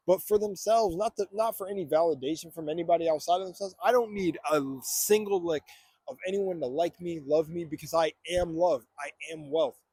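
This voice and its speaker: A man's voice: on the high side, darkish tone, husky, dry recording. A young man giving a fired-up morning motivational monologue on spirituality, preachy and swearing freely.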